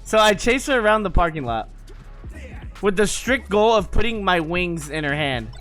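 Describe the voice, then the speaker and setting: Lively, bright-voiced young man telling a story. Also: high-pitched, normal speed, faint music behind. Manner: animated, profane, laughs while talking. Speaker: gamer telling stories. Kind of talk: casual storytelling.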